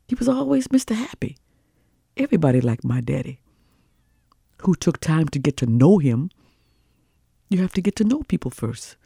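An older woman storyteller telling a childhood story in an animated, rhythmic way, with lots of repetition. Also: fairly low pitch, creaky, slightly rough, dry recording, clean studio sound. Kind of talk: oral storytelling performance.

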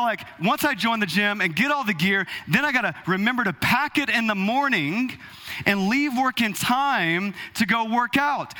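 High, bright-voiced male pastor preaching. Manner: animated, conversational preaching with acted asides. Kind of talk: sermon.

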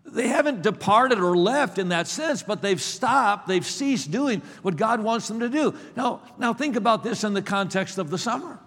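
With a high, husky voice touched by vocal fry and a fairly bright tone, a male preacher delivers his sermon slowly and with emphasis. His intonation is lively, he often restates the start of a phrase before completing it, and a long reverb suggests a big hall.

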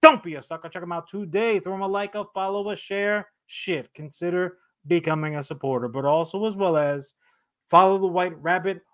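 Male co-host, casual and slangy, fairly high voice. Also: brisk, a bit bright. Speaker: podcast co-host. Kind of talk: casual podcast chat with sponsor reads.

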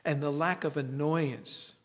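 Unhurried male preacher, reflective sermon, slightly high-pitched, leans on pauses. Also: steady tone. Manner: slow, reflective, with dramatic pauses.

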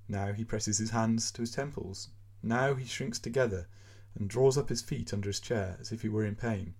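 Husky guy w/ a gravelly voice reading a story on his podcast, takes his time. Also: on the low side. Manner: measured, expressive storytelling. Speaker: podcast reader. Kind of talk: reading a short story aloud.

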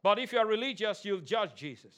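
Man, pastor, animated sermon, high-pitched voice, bright and forceful tone. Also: fairly quick. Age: adult. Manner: animated preaching, mimics voices and sings snatches.

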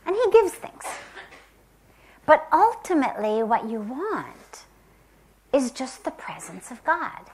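A woman from the United States telling a spiritual parable in a soft, gentle, reflective way, sometimes dropping to a whisper. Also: high voice, big pitch swings, a little hiss or hum. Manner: slow, gentle and reflective, with long pauses. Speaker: spiritual teacher. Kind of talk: spiritual storytelling talk.

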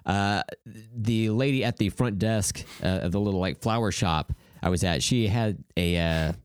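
A man's voice: on the low side, normal speed, smooth, no room sound. A man in his thirties co-hosting a podcast in casual chat, joking and swearing freely and laughing often. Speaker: podcast co-host.

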